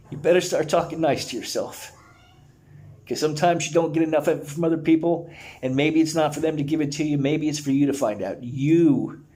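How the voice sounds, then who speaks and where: Guy leading breathwork, mellow voice, encouraging, casual "man" and "dude" talk. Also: on the high side. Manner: earnest, encouraging, casual slang. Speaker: breathwork facilitator. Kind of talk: guided breathwork session.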